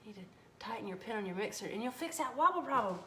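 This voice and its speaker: A woman hosting a casual live cooking stream from her home kitchen, folksy and animated as she reads viewer comments. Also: fairly high pitch, quick pace. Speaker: cooking livestream host. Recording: echoey kitchen with faint background noise.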